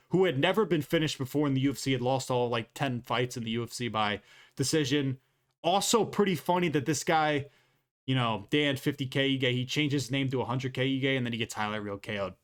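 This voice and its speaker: Brief: male fight-recap vlogger, unfiltered and profane, opinionated off-the-cuff delivery, mid-range voice. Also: mid-range voice. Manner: quick, off-the-cuff delivery with fillers. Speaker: MMA commentator and YouTuber.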